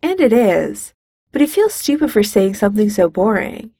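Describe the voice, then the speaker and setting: Fiction reader: woman, wry and casual, raspy with vocal fry, dry. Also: medium pitch, big pitch swings, moderate pace, warm tone, dry recording. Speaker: narrator. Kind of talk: fan fiction audiobook reading.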